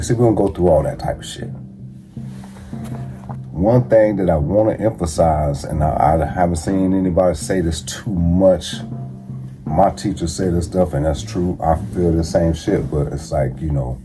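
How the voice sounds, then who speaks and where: Blunt, profane deep-voiced man over music. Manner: blunt, profane street slang. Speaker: vlogger giving street advice. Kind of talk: casual conversational monologue. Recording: music playing behind the voice.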